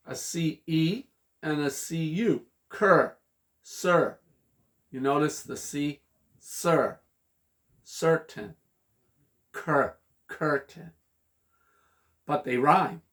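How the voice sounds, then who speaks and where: A man teaching a phonics lesson to children, speaking slowly and patiently, spelling words out letter by letter in an animated, sing-song way. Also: on the high side.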